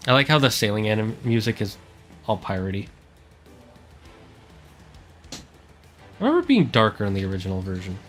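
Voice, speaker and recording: Animated, chatty male streamer. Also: on the low side, fairly quick, long pauses, soft background music. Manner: chatty, self-deprecating. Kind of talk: live gameplay commentary.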